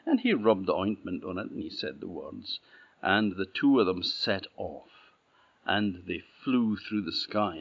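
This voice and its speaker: A middle-aged man with an Orkney Scots accent telling a folktale in a relaxed, plain-spoken way. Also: low voice. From Orkney, Scotland. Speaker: storyteller. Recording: dull, slightly muffled audio.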